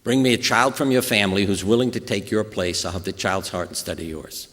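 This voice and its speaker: A man voicing a menacing male forest demon in a spoken story, in a deep voice close to his own. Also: a little fast, a bit bright, in a large hall, close to an everyday voice. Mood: threatening.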